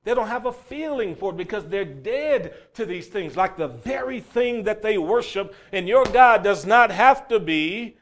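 High-voiced preacher man, loud then hushed. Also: animated, moderate pace, few pauses. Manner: swings between loud emphatic bursts and low quiet passages; storytelling, acting out a crying child's shouts. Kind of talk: sermon.

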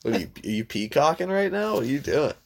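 A man co-hosting a casual podcast chat, blunt and swearing freely, tossing in quick mock voices. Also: a little high, sing-song, creaky. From Italian heritage. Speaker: podcast co-host.

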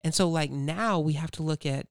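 A man with a Southern US accent co-hosting a casual faith podcast, telling stories with lively acted-out quotes. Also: a little high, moderate pace, clean tone, no room sound, studio quality. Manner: animated storyteller, acts out quoted speech. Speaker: podcast co-host.

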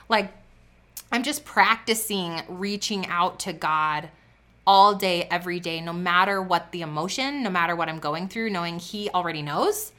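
Fervent woman with a bright voice. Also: lowish voice, normal speed. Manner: fervent, preachy, with a lot of repetition and "like". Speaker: faith business coach. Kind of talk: motivational talk to camera.

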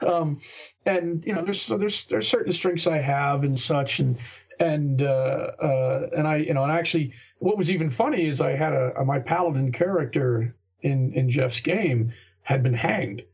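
A man with a raspy voice chatting earnestly on a podcast, rambling with many restarts. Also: on the high side, moderate pace, darkish tone, highs cut off. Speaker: guest game master. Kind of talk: casual podcast conversation.

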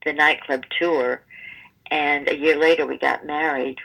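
A woman in her seventies, a stage performer interviewed as a guest, telling stories in a lively conversational way and acting out the people in them. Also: low voice, measured pace, vocal fry, poor audio. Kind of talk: conversational storytelling.

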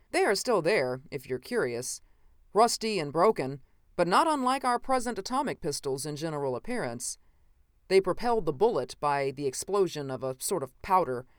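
A woman narrating a science fiction audiobook in a measured, even way. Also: low voice, no room sound, studio quality. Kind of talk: scripted narration.

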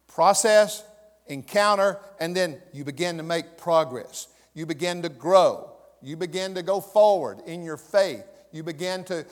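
Southern pastor, middle-aged man, folksy and emphatic sermon, slightly high pitch. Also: big-room sound. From American South. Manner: folksy, emphatic, rising to loud peaks.

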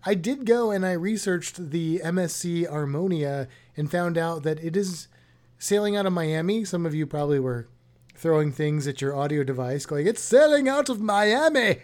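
A man's voice: on the high side, moderate pace, dark tone. A man co-hosting a podcast, talking in a chatty, rambling, joking way. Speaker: podcast co-host. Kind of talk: casual podcast chat.

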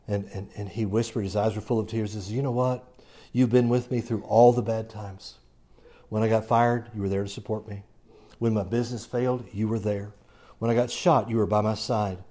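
Mellow-voiced man preaching a sermon. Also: on the low side. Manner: conversational preaching with jokes and scripture reading. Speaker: pastor.

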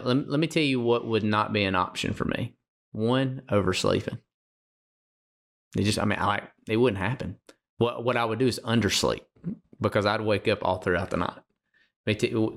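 A man co-hosting a faith podcast, talking earnestly in a preaching style and often repeating words as he starts a thought. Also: mid-range voice. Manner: emotional, gets choked up. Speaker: podcast co-host.

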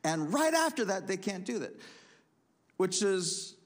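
A man preaching in a church, his voice sitting a little high for a man. He reads scripture aloud and then explains it, building to emphatic, animated peaks. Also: measured pace. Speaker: pastor. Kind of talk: sermon.

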